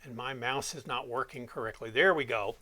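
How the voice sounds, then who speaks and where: A man giving a step-by-step software walkthrough as an audio production instructor, talking while he clicks. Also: medium pitch, a little fast.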